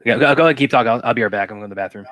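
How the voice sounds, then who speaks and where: A man co-hosting a live stream remotely, talking in halting bursts and repeating words as he thinks. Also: mid-range voice, a bit bright. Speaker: co-host. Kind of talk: casual live-stream chat.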